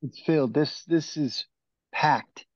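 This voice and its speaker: A man speaks eagerly in a study class, piling up word meanings. His voice is mid-pitched. The call audio is slightly muffled and dry. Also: takes it slowly, no echo. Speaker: student. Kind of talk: class discussion.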